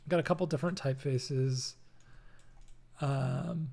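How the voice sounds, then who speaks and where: A man's voice: mid-range voice, steady tone, unhurried, vocal fry, darkish tone. A young man hosting a casual live-streamed design tutorial from his apartment, talking loosely with many fillers and reading chat messages aloud. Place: home apartment.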